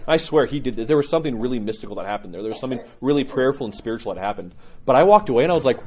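Animated storytelling priest, lo-fi sound. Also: male voice, rapid-fire, breathy edge, soft background music. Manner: animated storytelling, acts out quotes with rising pitch. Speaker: Orthodox priest. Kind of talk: conversational sermon.

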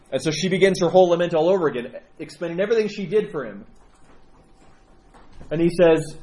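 Animated man telling a saint's story. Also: a little high, a little fast, a little hiss or hum. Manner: animated, with frequent fillers and restarts. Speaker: religious teacher. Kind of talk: storytelling lesson.

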